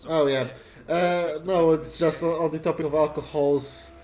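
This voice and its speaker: Man, casual let's-play chat, slightly high voice, halting, stammers. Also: steady tone, darkish tone. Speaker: streamer.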